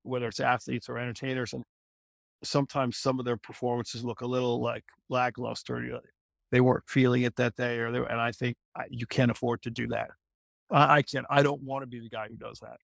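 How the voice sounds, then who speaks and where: A man's voice: medium pitch, little pitch movement, a little fast, vocal fry, fairly bright tone, no echo, clean studio sound. A middle-aged man, a fitness trainer, telling stories in an interview with lots of restarts and repeated phrases. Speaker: celebrity fitness trainer, guest. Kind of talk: candid interview conversation.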